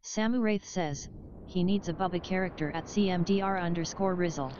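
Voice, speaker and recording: Flat synthetic female chat reader. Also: fairly low pitch, a little fast, lo-fi sound, slight background noise. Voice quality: even, mechanical delivery. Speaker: text-to-speech chat reader. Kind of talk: reading out chat messages.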